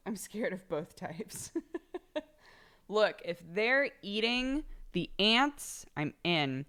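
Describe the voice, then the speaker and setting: A woman's voice: medium pitch, big pitch swings, extremely slow, fairly bright tone, smooth. A young woman chatting casually on a live stream, laughing often and swearing offhandedly.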